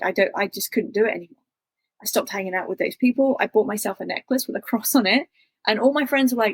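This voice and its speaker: A woman's voice: mid-range voice, fast talker, husky, dry recording, rough recording. A woman guest telling a personal story in a chatty way, acting out her own past thoughts in quotes. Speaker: interview guest.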